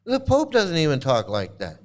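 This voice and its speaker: A man's voice: a little high, huge pitch swings, normal speed. A man ranting in angry commentary as a former member, profane and repetitive, restarting his sentences.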